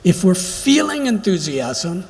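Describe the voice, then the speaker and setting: A man giving a devotional lecture, telling stories slowly and reflectively with emphatic pauses. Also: high voice, big pitch swings, vocal fry. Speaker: spiritual lecturer. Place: temple hall during a pilgrimage. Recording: long hall reverb, faint background noise.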